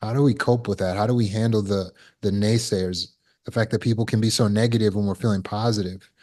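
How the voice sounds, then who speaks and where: A man's voice: lowish voice, steady tone, brisk, darkish tone. Man teaching with rhetorical questions. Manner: asks rhetorical questions, repeats words while thinking. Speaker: healing course teacher. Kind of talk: spoken lesson to an online audience.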